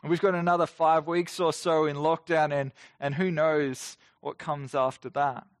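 A man's voice: on the high side, flat delivery, moderate pace, dry recording, clean studio sound. A man in his thirties preaching a livestreamed sermon in an earnest, conversational way, full of questions to the listener. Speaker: pastor. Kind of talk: online sermon. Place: near-empty room, lockdown livestream.

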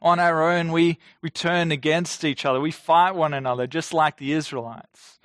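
A man in his forties preaching a sermon, measured and emphatic, slowing down to stress key phrases. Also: a little high, fairly even intonation, fairly bright tone, dry recording, clean studio sound.

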